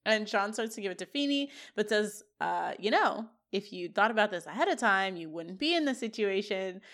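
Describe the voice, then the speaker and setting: A young woman co-hosting a podcast, retelling scenes in a lively casual chat and acting out the quoted lines. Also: mid-range voice, normal speed. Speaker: podcast co-host.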